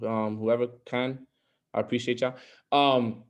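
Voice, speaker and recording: A young man with a slightly high voice and moderate pace addresses a group call with a motivational talk. He stays earnest, repeats his ideas, and builds to emphasis.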